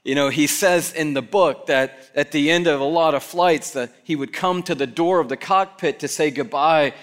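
A man preaches a sermon with a bright, crisp tone that sits high in his range. He is animated and keeps slipping into the voices of the people he quotes. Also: normal speed. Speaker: pastor. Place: church.

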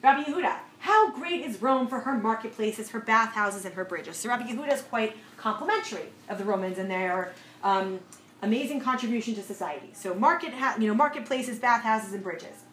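A woman teaching a lively class lecture, telling a story and asking her students questions as she goes. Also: a little high, brisk. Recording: echoey room, faint noise.

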